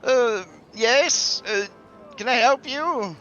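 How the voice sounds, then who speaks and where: A man's voice: very high voice, slow pace, bright, forceful tone, highs cut off, soft background music, pitched above the performer's own voice, full character voice. A man voicing a nervous, flustered bank teller who stammers and hesitates.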